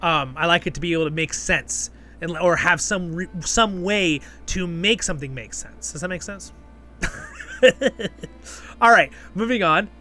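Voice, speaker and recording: Man, high voice, casual review host, rambling and chatty, keeps checking in with the listener. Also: measured pace, pushed and bright, soft background music. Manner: chatty, rambling, filler-heavy with frequent "right?" checks.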